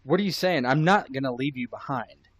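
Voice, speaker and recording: A man's voice: on the high side, lively intonation, normal speed, a bit bright, slightly rough, lo-fi sound, voice pushed up. A man voicing a blunt, impatient young male adventurer in a tabletop game, raising his voice.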